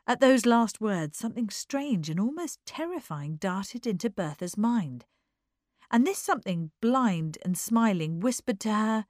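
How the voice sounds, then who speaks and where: A woman narrating an audiobook in a measured, expressive reading. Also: medium pitch, dry recording, clean studio sound.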